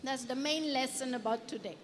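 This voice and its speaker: A woman's voice: sits high, brisk, a little hiss or hum. A woman from France with a French accent, giving a playful interactive lecture and quizzing her audience. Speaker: guest lecturer. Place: conference hall. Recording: reverberant hall.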